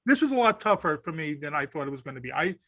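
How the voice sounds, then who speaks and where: A man's voice: a little high, sing-song, quick pace, fairly bright tone, no echo. A man co-hosting a casual podcast, rambling a little and restarting his sentences. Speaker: podcast co-host.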